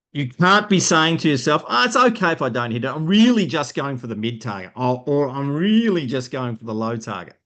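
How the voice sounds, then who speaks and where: Australian man, business coach, live stream teaching, energetic, explanatory, mid-pitched voice. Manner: energetic, explanatory, frequent rhetorical "right?".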